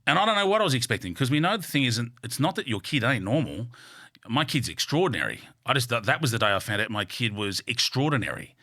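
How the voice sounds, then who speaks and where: An Australian man telling candid stories as a podcast guest, blunt and animated, swearing freely and reaching for vivid metaphors. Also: medium pitch, fast, no echo, clean studio sound. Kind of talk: candid storytelling in a podcast interview. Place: studio.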